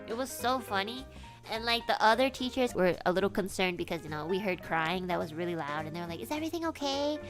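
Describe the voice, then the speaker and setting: A young adult woman streamer telling a casual story in an animated way, swearing freely and laughing often. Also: fairly low pitch, fairly quick, soft background music.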